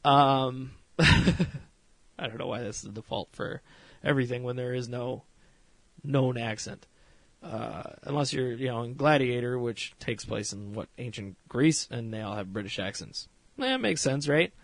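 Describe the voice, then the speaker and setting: A man hosting a casual podcast review, rambling through scenes with plenty of fillers and swearing, and now and then putting on quick voices. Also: medium pitch, dry recording. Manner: retells scenes with mock voices. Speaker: podcast host reviewing a series.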